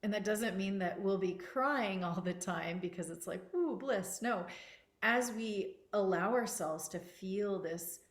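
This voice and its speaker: A woman speaking as a spiritual teacher, slow, soft and earnest, repeating words for emphasis. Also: mid-range voice, echoey room.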